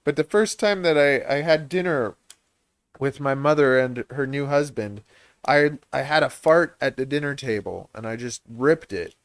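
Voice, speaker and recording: A man's voice: mid-range voice, moderate pace, clear, resonant tone, no room sound. Rambling, laughing livestream guy. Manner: rambling, self-deprecating, laughs a lot. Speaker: livestream host and reptile breeder.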